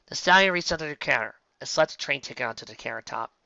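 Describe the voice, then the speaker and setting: Casting: expressive fan fiction narrator, lively and bright, small slips left in. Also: medium pitch, fast, creaky, dry recording, dull audio. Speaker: audiobook reader. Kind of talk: reading fan fiction aloud.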